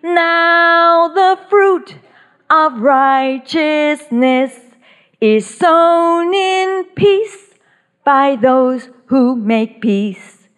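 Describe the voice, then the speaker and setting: A woman reads scripture aloud in a high voice. She draws out every phrase very slowly and deliberately, sometimes half-singing the words. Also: lively intonation, fairly bright tone, faint music behind. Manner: very slow, deliberate phrasing, some lines half-sung. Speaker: Bible study reader. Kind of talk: slow scripture reading and declarations.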